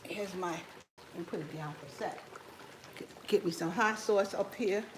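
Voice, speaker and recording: A woman's voice: on the low side, unhurried, slight background noise. A woman chatting casually to her viewers in her home kitchen while tasting food, talking with her mouth full and laughing often. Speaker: cooking vlogger.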